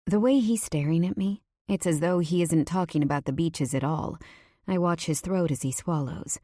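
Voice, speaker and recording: A woman narrating a first-person romance audiobook in an intimate, measured way. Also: fairly low pitch, dark tone, no room sound, studio quality.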